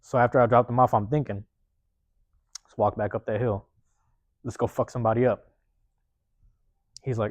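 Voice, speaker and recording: A man hosting a podcast, telling a personal story in a rapid, profane, casual way and acting out the lines of the people in it. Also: medium pitch, no echo. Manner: profane, rapid, animated retelling with acted-out quotes. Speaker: podcast host.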